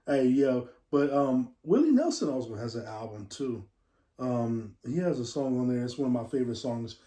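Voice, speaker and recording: A man's voice: medium pitch, very animated, moderate pace, dark tone. Rambling man in a roomy echo. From West Texas. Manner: rambling, digressive, talks straight to viewers. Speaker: show host. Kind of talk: casual vlog chat. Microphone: camera mic.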